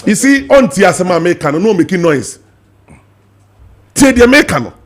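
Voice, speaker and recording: A man with a Ghanaian accent hosting a heated political talk show, emphatic and animated, switching between English and Twi. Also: high voice, normal speed. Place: TV studio.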